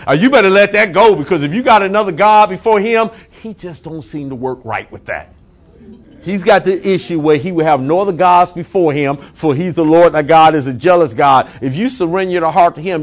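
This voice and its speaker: With a fairly high-pitched voice, a man preaches emphatically as a pastor, stretching out important words slowly and repeating his phrases.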